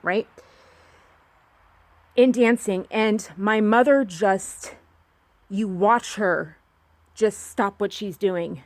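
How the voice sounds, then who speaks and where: A woman's voice: medium pitch, slow, pauses often, no echo. Woman vlogger, talking to a phone outdoors, earnest and digressive, mid-range voice. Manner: rambling and earnest, with frequent restarts. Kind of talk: candid personal monologue. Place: outdoors on a walk.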